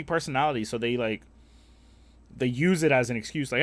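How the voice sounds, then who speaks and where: A man's voice: medium pitch, brisk, long pauses, no room sound. A young man streaming a game, chatting casually with viewers in a rambling, profane, opinionated way. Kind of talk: casual live-stream chat while gaming.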